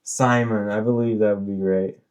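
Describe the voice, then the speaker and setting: Man, low-ish voice, casual podcast storyteller, rambling and chuckling. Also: steady tone, moderate pace, darkish tone, clean tone.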